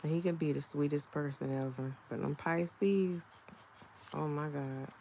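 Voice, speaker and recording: A woman's voice: sits low, steady tone, a little slow, dark tone, slight background noise. A woman, chatting casually at home while doing her own nails, often laughing and talking to her nails. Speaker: nail vlogger. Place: home, indoors.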